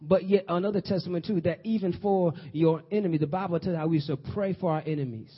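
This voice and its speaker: A high-pitched man preaches a sermon in a husky, breathy voice. He builds to fervent emphasis and repeats his phrases. The recording is dull and lo-fi. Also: fast. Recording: dull lo-fi sound.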